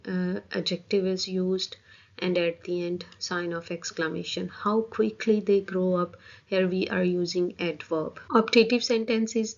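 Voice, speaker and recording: Low-voiced woman teaching grammar. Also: dull audio. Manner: patient, methodical, pauses with "uh". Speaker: English teacher. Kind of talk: explaining a grammar lesson.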